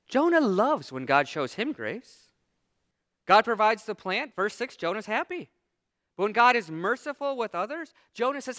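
A man's voice: sits high, unhurried, dry recording, clean studio sound. A man preaching a sermon, who acts out a biblical figure's angry complaints in a raised voice. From United States. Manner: animated preaching, acting out Jonah's complaints in a raised voice. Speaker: pastor.

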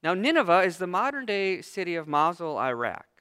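Animated high-voiced male preacher. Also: brisk, clean tone, no echo, studio quality. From United States. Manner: animated preaching, acting out Jonah's complaints in a raised voice. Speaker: pastor. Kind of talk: sermon.

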